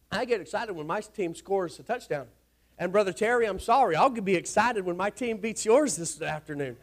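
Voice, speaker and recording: A man preaching a sermon to his congregation in a church, with a folksy, rousing manner that often rises to shouting. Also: sits high, expressive, normal speed. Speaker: pastor. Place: church sanctuary.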